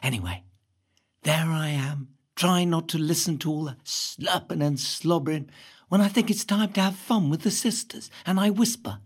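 Husky woman reading wryly. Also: low voice, normal speed. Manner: lively, wry, expressive. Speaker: reader. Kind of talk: reading a first-person memoir aloud.

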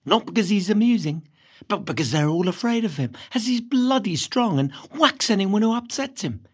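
A woman reading a first-person novel aloud in a lively, cheeky storytelling manner. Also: medium pitch, normal speed, slightly rough. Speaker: reader.

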